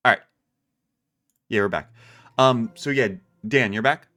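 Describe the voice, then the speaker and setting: Using earbuds with a headset mic, a man hosting a livestream chats casually over a game stream. He tells rambling stories, keeps interrupting himself to restart sentences and laughs a lot, in a medium-pitched voice that is a little slow, pushed and bright.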